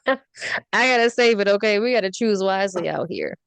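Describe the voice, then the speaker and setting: A woman's voice: medium pitch, normal speed, creaky, clear, resonant tone, dry recording. A woman hosting a podcast, chatting casually and ranting with frequent laughter. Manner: animated ranting, laughs often. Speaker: podcast host.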